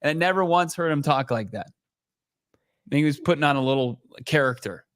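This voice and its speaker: A man's voice: on the high side, animated, moderate pace, a bit bright, clean tone, no room sound, clean studio sound. Rambling man co-hosting a sports podcast. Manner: rambling, self-correcting, conversational. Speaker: podcast co-host. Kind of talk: casual sports podcast chat.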